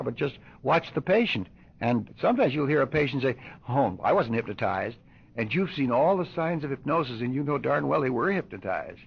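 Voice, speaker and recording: An older man teaches a room of doctors, asking question after question and repeating key points. His voice is gravelly and husky, and it rises and falls with lively pitch. The sound is dull, like an old lo-fi tape. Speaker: hypnosis instructor.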